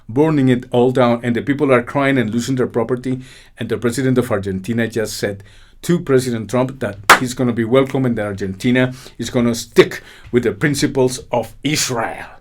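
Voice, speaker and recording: A man's voice: mid-range voice, slight background noise. A man from Colombia, delivering an angry, indignant political monologue peppered with swearing. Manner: loud, indignant, swearing, with mocking laughs. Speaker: political commentary host.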